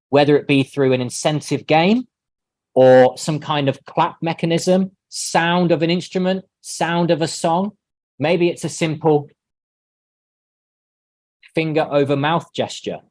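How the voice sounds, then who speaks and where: A man leading an online teacher-training workshop, explaining in a relaxed way and acting out sample lines. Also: fairly high pitch, dry recording.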